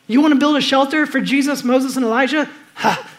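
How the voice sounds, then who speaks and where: A man preaching a sermon, moving between loud urgent exhortation and hushed, reflective passages. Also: very high voice, fairly quick. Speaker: pastor.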